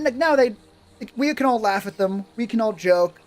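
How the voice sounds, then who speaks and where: A man with a high voice talks through a live stream, rambling and sarcastic and swearing freely. Faint music plays under his voice. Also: animated, fast talker, darkish tone. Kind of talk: casual live-stream chat.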